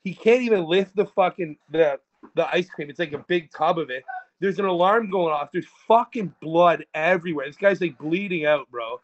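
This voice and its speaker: A man's voice: a little high, normal speed, dull audio, slight background noise. A man telling rambling, profane stories in a casual podcast chat. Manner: rambling and profane, with frequent restarts. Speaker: podcast co-host.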